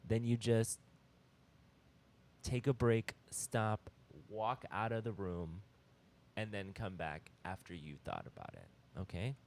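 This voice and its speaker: A man's voice: fairly low pitch, takes it slowly, darkish tone. A man leading a casual youth-group Bible discussion, teaching conversationally and checking in with "all right?".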